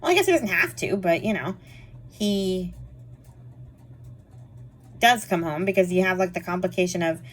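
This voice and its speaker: A woman's voice: fairly low pitch, husky. Woman book reviewer, casual rambling wrap-up chat, filler-heavy and easygoing. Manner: chatty and rambling, frequent fillers and quick laughs.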